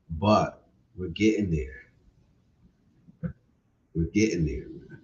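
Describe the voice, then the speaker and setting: A man's voice: sits low, slow, pauses often. A man hosting a casual livestream, laid-back, repeating his points and often ending with "man". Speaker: livestream host. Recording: distant, dull lo-fi sound.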